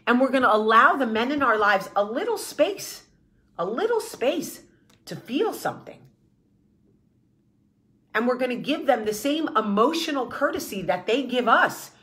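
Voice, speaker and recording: Female vlog host, high bright voice, blunt and emphatic, swears freely. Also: very animated, moderate pace. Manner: emphatic, blunt, profane, repeats rallying phrases. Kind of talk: impassioned opinion monologue.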